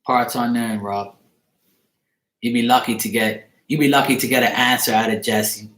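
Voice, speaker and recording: A man's voice: mid-range voice, fairly even intonation, normal speed, fairly bright tone. A man hosting a casual tarot livestream, teasing and joking with his viewers. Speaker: tarot reader and streamer host. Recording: roomy echo.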